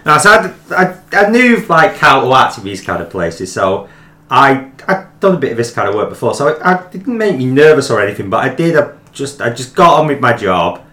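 A man co-hosts a podcast, spinning a rambling, joking story with plenty of stop-start phrasing. His voice is bright and forward. The sound comes from an echoey room. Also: medium pitch, big pitch swings, a little fast. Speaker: podcast co-host. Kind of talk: casual chat, storytelling.

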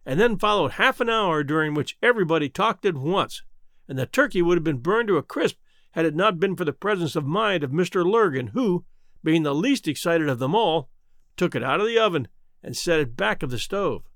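A man reads a storybook aloud with a highly lively, rising and falling voice. His pitch sits high for a man. The sound is close and dry, with no room around it. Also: brisk, no room sound. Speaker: audiobook narrator. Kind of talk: storybook narration.

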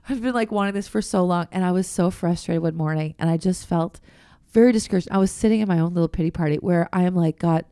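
A middle-aged woman hosting a faith podcast, talking candidly and chattily and sometimes dropping to a hushed voice. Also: fairly low pitch, fast, smooth, no room sound, studio quality. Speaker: podcast host. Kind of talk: faith-based casual chat.

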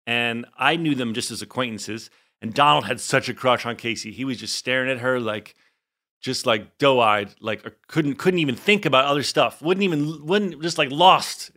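A man in his forties co-hosting a podcast, telling stories in a rambling, animated way with lots of filler words. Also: mid-range voice, normal speed. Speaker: podcast co-host. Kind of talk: casual rewatch podcast chat.

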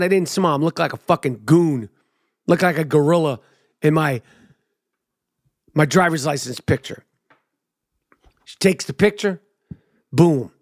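Profane, animated New man telling a story. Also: dry recording, clean studio sound. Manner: animated, swearing, mimics others in a high excited voice. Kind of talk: profane comic storytelling monologue.

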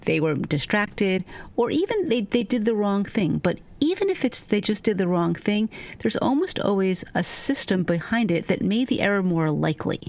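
A woman doctor, a guest on a podcast, telling wry, animated stories about her medical training. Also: mid-range voice, moderate pace, no room sound. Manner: animated, wry anecdotes with vivid quotes. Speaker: physician guest. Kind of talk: conversational storytelling.

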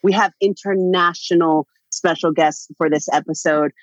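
A woman's voice: lowish voice, fairly even intonation, moderate pace, no echo. A woman hosting a podcast, bubbly and playful, laughing with her guests. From United States. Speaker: podcast host. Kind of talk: casual podcast chat. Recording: dull, dry lo-fi sound.

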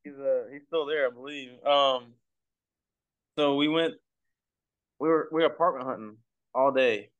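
A young man from Texas, a pro baseball pitcher, telling stories in a laid-back, rambling way as a podcast guest. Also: fairly even intonation, normal speed, pauses often, fairly bright tone, smooth, highs cut off. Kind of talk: casual storytelling. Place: recording for a podcast.

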